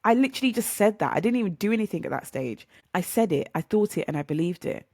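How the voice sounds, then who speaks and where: A woman's voice: medium pitch, lively intonation, quick pace, darkish tone, no room sound, clean studio sound. A young woman hosting a podcast, talking casually and motivationally, chatty and rambling, often speaking straight to her listeners. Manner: chatty, rambling, upbeat, addresses listeners as guys. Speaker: podcast host.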